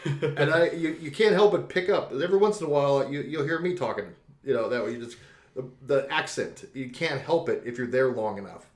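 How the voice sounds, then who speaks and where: A man's voice: medium pitch, fairly quick, echoey room. A man co-hosting a podcast, chatting casually and enthusiastically about a movie, rambling and laughing often. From spent late teens on the East Coast. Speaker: podcast co-host.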